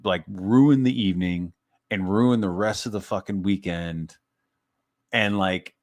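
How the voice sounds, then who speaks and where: A man casually telling a rambling personal story, swearing freely and often restarting his sentences. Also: lowish voice. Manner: rambling, profane, self-interrupting. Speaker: streamer.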